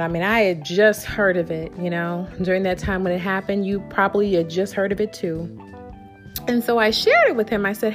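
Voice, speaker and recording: A woman vlogging from home, telling a personal story in an animated, indignant way. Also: mid-range voice.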